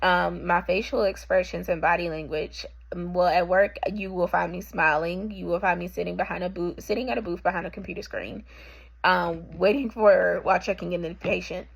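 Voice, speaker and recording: Low, gravelly young woman musing. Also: steady tone, low-quality recording. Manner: halting, with frequent ums and self-corrections. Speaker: patient representative. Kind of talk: reflective monologue for a class assignment.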